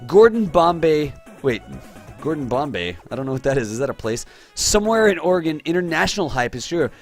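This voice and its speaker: A man from Texas hosting a livestream, excitedly thanking viewers and reading their names and places aloud from the chat. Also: on the high side, brisk, soft background music. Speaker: livestream host. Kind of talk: live-stream chat shout-outs.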